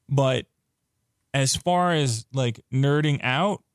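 A man co-hosting a podcast, chatting casually and excitedly about a superhero movie, rambling with many restarts. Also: medium pitch, slow, smooth, no echo, studio quality. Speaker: podcast co-host. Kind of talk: casual movie review chat.

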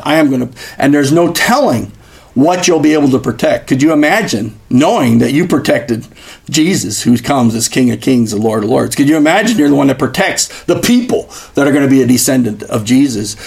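A man's voice: medium pitch, creaky, darkish tone. A man hosting a podcast who speaks in an earnest, exhorting, preaching style, with frequent fillers. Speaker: podcast host.

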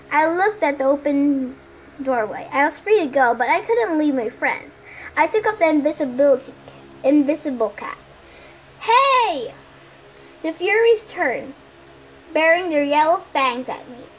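A woman reading a novel aloud as an amateur audiobook reader, lively, putting on voices for the quotes. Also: high-pitched, moderate pace, a little hiss or hum, rough recording.

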